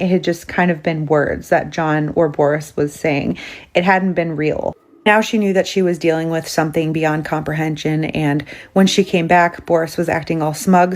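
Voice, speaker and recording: A woman retelling a strange story in a brisk, conversational way, slipping in quoted dialogue. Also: lowish voice, a little mellow.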